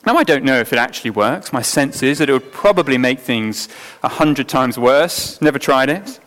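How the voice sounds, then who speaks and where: A man preaching a sermon in an earnest, emphatic way, sometimes dropping suddenly to a quiet voice. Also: mid-range voice, expressive, moderate pace. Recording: long hall reverb.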